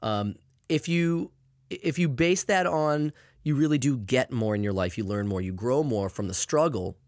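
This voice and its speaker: A man's voice: medium pitch, moderate pace, no room sound, studio quality. A man co-hosting a casual podcast, rambling and swearing freely as he tells stories. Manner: animated, rambling, swears often. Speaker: podcast co-host.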